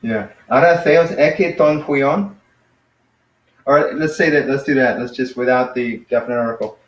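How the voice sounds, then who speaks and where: Male tutor, patient and encouraging, in an echoey space on a muffled recording. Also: medium pitch. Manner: encouraging, patient, drills pronunciation slowly. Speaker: Greek teacher. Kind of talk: casual one-on-one lesson. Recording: roomy, dull lo-fi sound.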